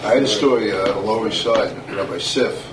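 Man in a class telling a story, low voice, recorded from far off in a noisy, echoey room. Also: fairly quick, over music. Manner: storytelling, quotes others aloud. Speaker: class participant. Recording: roomy and noisy, far from the mic.

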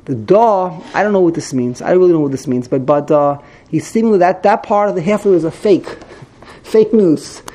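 Mellow-voiced man teaching a text class. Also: high voice, animated, a little fast. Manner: thinks aloud, repeats and corrects himself. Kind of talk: text study lesson, explaining grammar.

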